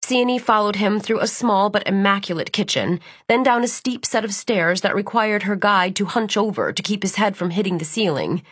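A woman reads a novel aloud in a measured, steady storytelling voice. Her tone is husky and slightly breathy. The recording is close and dry. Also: medium pitch, no room sound. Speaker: audiobook narrator. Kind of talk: scripted audiobook narration.

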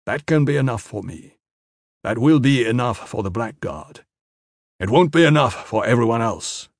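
A man voicing a weary, blunt commander of bodyguards who speaks solemnly and forcefully in an audiobook. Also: medium pitch, lively intonation, normal speed, no room sound, studio quality.

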